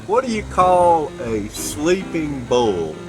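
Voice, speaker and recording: A man's voice: on the high side, sing-song, slow pace. A man telling corny jokes in a folksy storytelling way. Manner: folksy storyteller, acts out voices. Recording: guitar music playing behind.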